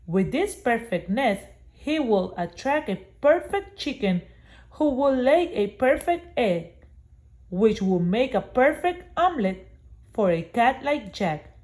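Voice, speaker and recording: A woman reading a picture book aloud in a slow, expressive, sing-song manner. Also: a little high. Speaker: storybook reader. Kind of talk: storybook read-aloud.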